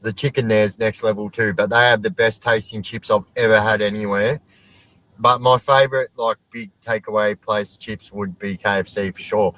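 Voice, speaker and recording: A man's voice: lowish voice, steady tone, normal speed, pushed and bright, poor audio. A man with an Australian accent chatting enthusiastically as a guest on a casual livestream, swearing now and then. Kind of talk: casual chat.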